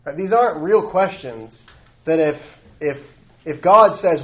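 A man preaching a sermon, reading scripture slowly and forcefully and then explaining it in a conversational way. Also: on the high side, expressive. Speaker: pastor. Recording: dull, lo-fi sound.

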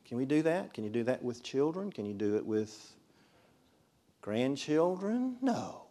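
A man's voice: medium pitch, big pitch swings, measured pace, dark tone. A man from Mississippi, teaching a Bible study in a classroom in a chatty, conversational way and often putting questions to his class. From Mississippi, USA. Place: classroom with a board.

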